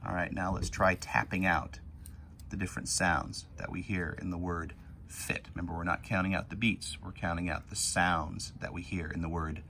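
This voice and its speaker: A man with a low voice leads a phonics lesson for young children. He talks patiently and stretches words out slowly to sound out each letter, with faint noise in the background. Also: fairly even intonation, gravelly, sharp tone. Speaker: teacher.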